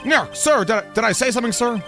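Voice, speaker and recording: A man voicing a jittery, loud male police bailiff who stammers and keeps saying sir. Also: very high-pitched, expressive, quick pace, over music. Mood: nervous blustering.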